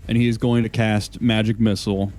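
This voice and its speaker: A man's voice: fairly low pitch, flat delivery, fairly quick, a little mellow, soft background music. A man playing a tabletop game with friends, casual and teasing as he plans his turn. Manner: joking, teasing. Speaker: player.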